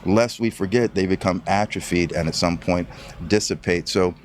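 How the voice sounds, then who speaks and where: A man's voice: sits low, normal speed, slight background noise. A man hosting a casual talk, speaking in an expansive, folksy way and repeating phrases for emphasis. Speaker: host. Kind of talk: casual conversation.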